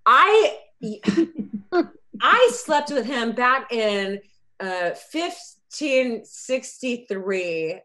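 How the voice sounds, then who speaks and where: A woman's voice: on the high side, big pitch swings, drawn-out words, bright, forceful tone, heavily acted. A woman voicing a brash, self-assured young witch who talks in a blunt, matter-of-fact way.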